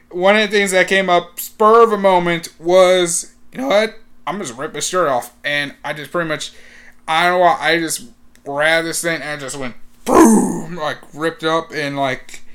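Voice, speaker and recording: A teenage man tells a story casually, rambling with constant "like" and restarts. He breaks into excited bursts now and then. His voice sits a bit high and sounds smooth and clear. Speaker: high school student.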